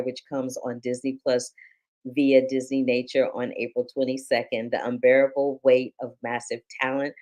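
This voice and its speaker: A woman hosts a podcast with an exceptionally low-pitched voice. She talks effusively and expressively, both when interviewing a guest and when closing out the episode. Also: a little mellow. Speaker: podcast host.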